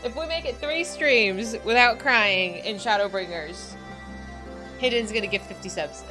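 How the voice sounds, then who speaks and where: A woman streaming a game, chatting casually and giggling with her viewers. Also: a little high. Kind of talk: casual live-stream chat.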